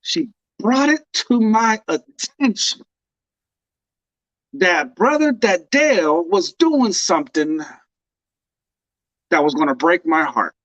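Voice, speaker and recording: A man with a slightly high voice, telling a story with playful mock tears. His voice sounds dry and a little dull, like lo-fi call audio. He talks in relaxed podcast chat. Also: takes it slowly, long pauses, no room sound. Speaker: podcast co-host. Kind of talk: casual chat.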